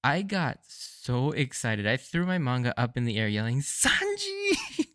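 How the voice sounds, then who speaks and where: A man hosting a solo podcast, recapping episodes in an enthusiastic, animated fan style. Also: mid-range voice, normal speed, clear, resonant tone, dry recording, clean studio sound. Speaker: podcast host. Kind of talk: casual solo anime rewatch commentary.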